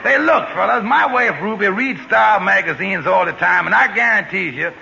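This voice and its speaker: A level-headed married man who dryly teases his friends. His voice is high and bright with some rasp. This is 1940s radio comedy acting on a dull old recording with faint hiss. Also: animated, normal speed, exaggerated voice. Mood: teasing.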